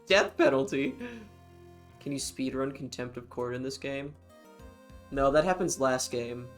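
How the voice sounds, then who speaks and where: A man's voice: mid-range voice, unhurried, faint music behind. Giggly rambling man streaming a game. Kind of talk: casual let's-play banter.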